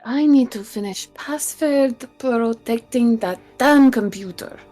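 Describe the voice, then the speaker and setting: A woman's voice: fairly high pitch, slow pace, warm tone, faint music behind. A woman player in a tabletop game, describing what her character does.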